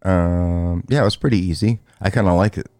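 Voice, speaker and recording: A man's voice: sits low, brisk, dark tone, no echo, studio quality. A man in his fifties hosting a casual chat, teasing and laughing often.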